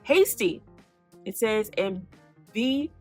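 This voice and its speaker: A woman hosting a faith-based self-help podcast who teaches in an animated way, asking the listener questions and then answering them herself. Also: mid-range voice, normal speed, soft background music. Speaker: podcast host.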